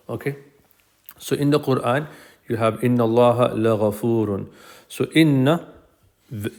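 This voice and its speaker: A man's voice: on the low side, darkish tone. A man teaching a recorded grammar lesson, explaining patiently and repeating key phrases for emphasis.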